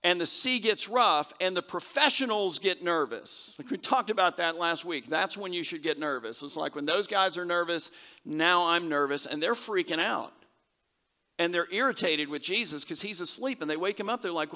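A man delivers a sermon as pastor, talking in a bright, forceful, slightly high voice. He is conversational and animated, jumping into quoted voices as he tells his stories. A long reverb from the church sanctuary trails behind each phrase. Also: normal speed.

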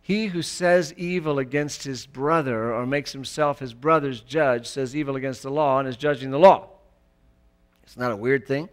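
A male pastor preaching a sermon in church, emphatic, rising to loud peaks. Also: medium pitch, normal speed.

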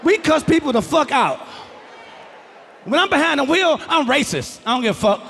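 A man doing a stand-up comedy routine on stage before a live audience, loud and profane, yelling his punchlines. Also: very high voice, sing-song, normal speed, creaky. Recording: live crowd, noisy hall.

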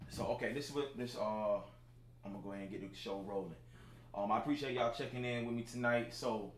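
Easygoing male livestream host in his thirties, lowish voice, chatty with viewers, a roomy recording with faint hiss. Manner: laid-back, talks straight to chat viewers, lots of filler phrases. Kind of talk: casual livestream chat with viewers. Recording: roomy sound with faint background noise.

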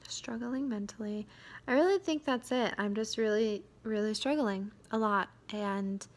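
A young woman vlogging in a quiet, hesitant way, tired and drained, with many fillers and sudden drops into a whisper. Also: fairly high pitch, measured pace. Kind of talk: confessional vlog.

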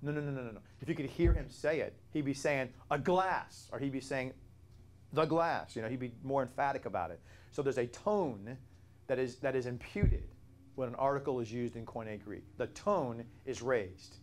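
A man's voice: medium pitch, brisk, darkish tone, slight background noise. A man teaching a Bible study class, explaining points at length and answering questions from the room.

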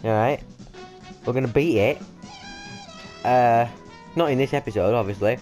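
A man's voice: mid-range voice, moderate pace, soft background music. A young British man swearing and joking as he hosts a let's-play of a cartoon game. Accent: British English. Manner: crude, jokey, loud. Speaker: gaming channel host.

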